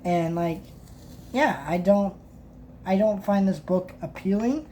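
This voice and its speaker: A woman's voice: mid-range voice, warm tone, a little hiss or hum. A woman casually reviewing a book, reading passages aloud and commenting, often stopping to restart her sentences. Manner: halting, many restarts and fillers.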